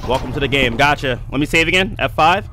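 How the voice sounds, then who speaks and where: A man's voice: medium pitch, expressive, quick pace, pushed and bright, a little hiss or hum. A young man livestreaming a game, chatting casually, greeting viewers by name and reacting jumpily. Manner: hyped, greets chat by name, jumpy reactions. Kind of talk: casual gaming commentary.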